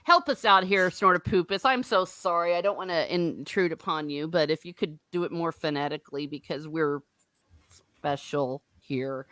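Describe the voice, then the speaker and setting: A woman with a deep, fairly bright voice speaks at a moderate pace on a dry recording. She hosts a casual book discussion livestream, chatting freely and laughing at herself.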